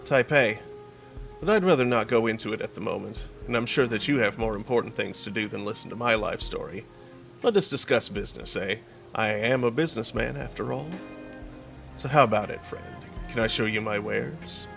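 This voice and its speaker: A man's voice: on the low side, a little fast, vocal fry, fairly bright tone, faint music behind. A man voicing a suave, self-assured male drug dealer in a game. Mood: smooth. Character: smug smooth-talking male drug dealer.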